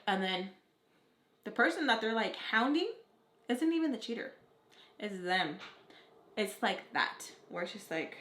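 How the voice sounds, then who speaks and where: A woman's voice: medium pitch, unhurried, pauses often. A young woman chatting to camera while doing her makeup, blunt and swearing often, peppering her talk with "like" and acting out quoted people. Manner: blunt and profane, heavy "like" filler, animated quoted voices. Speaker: beauty vlogger. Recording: echoey room.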